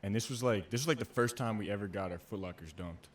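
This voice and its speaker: Male podcast host, relaxed and conversational, slightly low pitch. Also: fast, slight background noise. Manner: relaxed and casual, with fillers. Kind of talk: casual chat.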